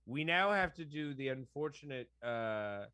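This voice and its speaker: Excitable young guy cohosting a wrestling talk show, laughs easy, very dry close sound. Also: mid-range voice, measured pace, smooth, no room sound. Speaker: co-host. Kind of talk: casual wrestling chat.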